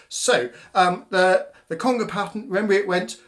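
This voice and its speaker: A man's voice: high voice, sing-song, brisk, a bit bright. A man hosting a live online drumming workshop from home on a webcam, chatty and cheerful, counting rhythms aloud. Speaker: workshop facilitator and host. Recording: drums heard behind.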